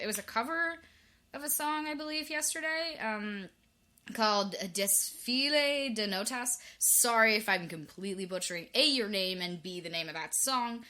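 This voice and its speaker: A woman's voice: fairly low pitch, pushed and bright. A woman co-hosting a casual podcast, chatty and full of 'like'. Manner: chatty, laughing, uses 'like' often. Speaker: podcast co-host. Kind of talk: casual chat.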